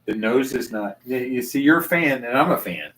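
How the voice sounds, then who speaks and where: A man's voice: medium pitch, lively intonation, normal speed, a bit bright. A man hosting a casual whiskey tasting chat at a bar, enthusiastic and full of stammering restarts, heard from a distant mic. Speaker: host.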